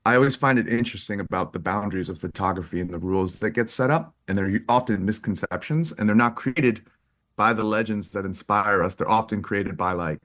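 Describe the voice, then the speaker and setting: A man with a fairly low voice tells stories as a podcast guest. He talks in an animated, lively way, jumping up in pitch when he acts out what people said, and he laughs often as he goes. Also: a little fast. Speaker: guest photographer. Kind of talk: casual interview storytelling.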